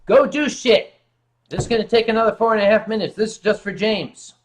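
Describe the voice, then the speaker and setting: Sitting high in pitch and moving briskly, this livestream host's voice carries a slight hiss or hum. He's a bit drunk during a casual drinking stream, reading out messages from viewers while joking and rambling.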